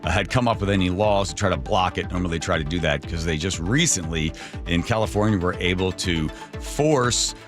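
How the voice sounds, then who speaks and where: A man hosting a radio talk show, chatting casually and telling animated stories. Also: low-pitched, fairly quick, music in the background. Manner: animated storytelling with shouted impressions.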